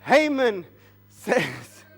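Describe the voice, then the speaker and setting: A man with a notably high voice leads a church family service through a story, drawing it out slowly and coaxing the children with questions. His words echo with long reverb across a large church hall. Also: wildly swooping pitch, a bit bright, breathy edge. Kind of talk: interactive retelling of a Bible story.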